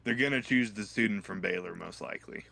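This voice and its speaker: A young man co-hosting a podcast, telling stories in a halting, laid-back way. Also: lowish voice, creaky, background noise. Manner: halting, restarts often, laid-back storytelling. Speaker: podcast co-host. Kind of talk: casual chat.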